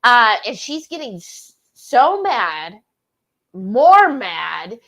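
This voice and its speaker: A woman's voice: fairly high pitch, very animated, drawn-out words, fairly bright tone, low-quality recording. A woman hosting a casual live-stream chat, reading out comments and telling stories with frequent laughter. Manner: giggly, chatty storyteller. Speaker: host.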